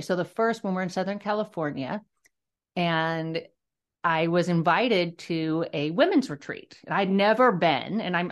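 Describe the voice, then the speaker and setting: A middle-aged woman, a podcast guest, telling a personal faith story in an earnest, reflective way, often restarting her sentences. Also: on the low side. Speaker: guest author sharing her testimony. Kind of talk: personal testimony in a podcast interview.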